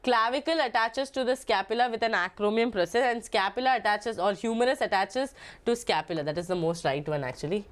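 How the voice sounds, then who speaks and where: A woman's voice: a little high, fairly quick. A young woman teaching a biology lecture in Malayali-accented English, chatty and repetitive, often checking in with "okay?" and "no?". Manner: chatty, repeats herself, asks "okay?" and "no?". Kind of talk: online exam-prep lecture.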